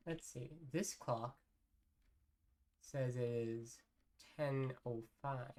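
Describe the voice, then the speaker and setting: A woman's voice: rumbling low, drawn-out words, pauses often, warm tone. A woman streaming a game, murmuring to herself as she plays and saying meow again and again. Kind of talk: casual game commentary.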